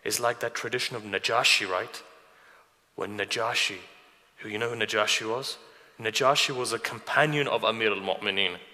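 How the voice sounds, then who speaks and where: A man with a lower voice and a bright, forceful edge preaches to a gathering. He retells old traditions through quoted dialogue and keeps turning to the listeners with questions. A long hall reverb trails after his words. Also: normal speed. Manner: addresses listeners directly with questions. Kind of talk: sermon storytelling.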